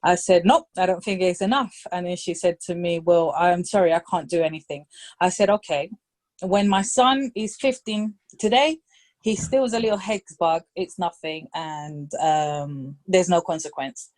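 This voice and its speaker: A woman with a lowish voice, speaking at a moderate pace, tells a story as a guest on a podcast in casual conversation. She narrates with animation, acting out the characters' voices and dropping into Spanish phrases.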